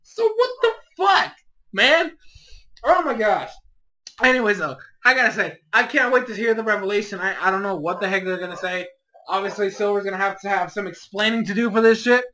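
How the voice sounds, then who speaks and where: Casting note: excitable profane reviewer, man, high bright voice, casual rant. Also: fairly quick, poor audio. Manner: excitable, profane, swings loud and high when exasperated. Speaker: anime reviewer.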